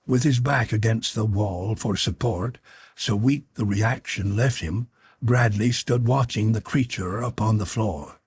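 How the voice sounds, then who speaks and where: A man narrating an audiobook with measured, dramatic storytelling. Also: lowish voice, a little mellow, breathy edge, no echo.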